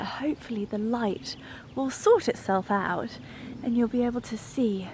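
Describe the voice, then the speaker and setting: British woman vlogger, slightly high voice, gushing garden-tour talk that keeps slipping into a soft whisper, recorded outdoors. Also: unhurried, slight background noise. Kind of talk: casual vlog narration.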